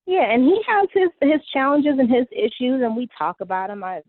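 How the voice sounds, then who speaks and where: A woman in her forties calling in to a chat show, speaking earnestly and thoughtfully, with frequent pauses. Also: high voice, sing-song, no echo. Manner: earnest, thoughtful, hesitant with fillers. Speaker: guest calling in. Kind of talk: casual chat. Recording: phone line.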